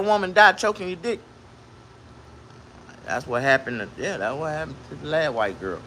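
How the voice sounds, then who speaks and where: Male comic, brash and profane storyteller, very animated pitch, sharp bright tone. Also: normal speed, pauses often, a little hiss or hum. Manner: animated, with sudden jumps to a high voice. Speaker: comedian. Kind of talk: crude comedic monologue.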